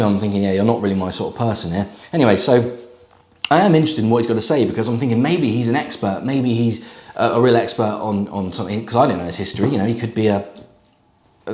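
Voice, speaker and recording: A man's voice: on the low side, quick pace, a little mellow, reverberant. A middle-aged man, a used car dealer, casually telling a story to camera with lots of fillers and asides. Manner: chatty, conversational, with frequent fillers and asides.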